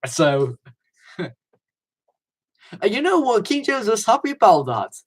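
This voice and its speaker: A man's voice: high-pitched, big pitch swings, slow, husky. A man giving a casual livestream review, enthusiastic and rambling, with many fillers and restarts.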